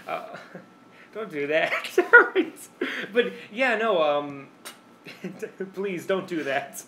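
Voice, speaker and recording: Male podcast co-host, slightly high voice, giggly and rambling, faint hiss in the background. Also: expressive, drawn-out words, sharp tone. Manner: laughs often, rambling with fillers. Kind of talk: casual chat.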